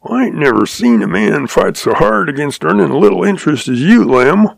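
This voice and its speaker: A man voicing a shrewd old cowboy who talks in a slow, patient, folksy drawl. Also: fairly high pitch, sing-song, gravelly, no room sound, heavily acted. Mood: amused. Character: shrewd old cowboy, calm, sly, chuckling.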